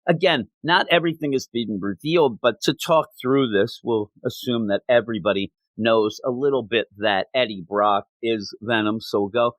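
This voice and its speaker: Guy recapping a comic on his podcast, chatty, medium-pitched, close dry mic. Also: normal speed, few pauses, no room sound. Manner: conversational, recapping and quoting dialogue. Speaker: podcast host. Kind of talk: casual comic book review.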